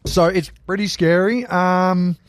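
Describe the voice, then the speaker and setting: A man's voice: high voice, steady tone, slow pace, no echo. Teasing Australian man, dry close sound. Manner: teasing, swears freely, laughs often. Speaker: podcast co-host. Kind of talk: casual chat. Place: small studio.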